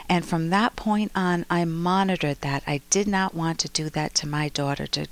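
A woman's voice: deep voice, steady tone, normal speed, few pauses. An earnest woman hosts a call-in radio advice show as a clinical psychologist. She explains her reasoning step by step and acts out both sides of a conflict as she goes.

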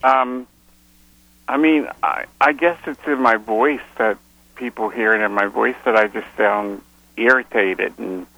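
Gravelly hesitant male caller. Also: on the low side, dry recording, phone-quality sound. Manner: hesitant, halting, many fillers. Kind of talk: call-in conversation.

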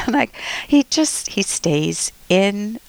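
An older woman hosting a radio advice show as a psychologist, chatty and gently encouraging, sometimes acting out playful quotes. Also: medium pitch, big pitch swings, extremely slow, gravelly, no echo. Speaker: radio call-in psychologist host.

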